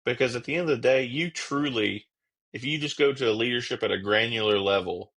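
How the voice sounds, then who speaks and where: A man who is a police officer and podcast guest, explaining his views in a steady, reflective way. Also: mid-range voice, brisk, husky. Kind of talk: casual conversational interview.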